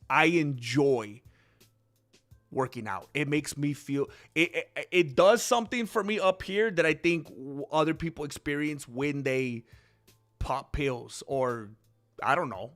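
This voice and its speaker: Male streamer, casual rambling chat, fairly high voice, animated, greets his chat. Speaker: livestream host.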